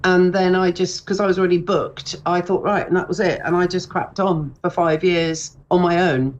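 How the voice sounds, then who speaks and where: On a casual radio interview with dull audio, a woman in her sixties who works as a comedian and author talks in a lowish voice at a moderate pace with fairly even intonation. She rambles, pokes fun at herself, and restarts frequently.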